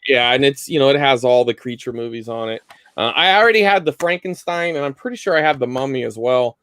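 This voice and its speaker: A man's voice: medium pitch, animated, fast, a bit bright, clear, resonant tone, no echo. A man co-hosting a live online collecting chat, talking casually and rambling with lots of fillers over a video call. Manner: rambling, loose, many fillers.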